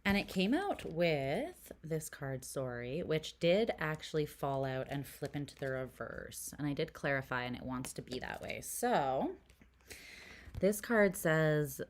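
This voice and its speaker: A woman's voice: low voice, animated, measured pace, a little hiss or hum. A woman from Canada doing a casual tarot reading to camera, chatty and giggly, full of "like" and dropping into whispered asides. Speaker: tarot reader.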